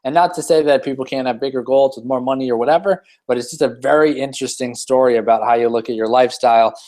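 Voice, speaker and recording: A man's voice: medium pitch, fast, mellow. A man hosting a weekly team hangout, telling a motivational story in a loose, rambling way. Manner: rambling, many fillers and restarts. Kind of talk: casual motivational talk.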